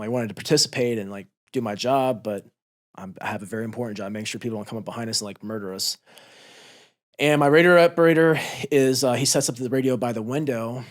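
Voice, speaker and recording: A man in his thirties, a former Marine, telling a combat story in a candid, profane, intense way on a podcast. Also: on the low side. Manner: intense, profane, re-enacts shouts. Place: podcast studio.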